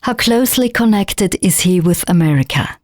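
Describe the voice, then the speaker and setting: A woman interviewer puts short, direct questions to her guest. Her voice sits at a middle pitch, recorded dry and close with no room sound. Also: expressive, normal speed, darkish tone, no echo.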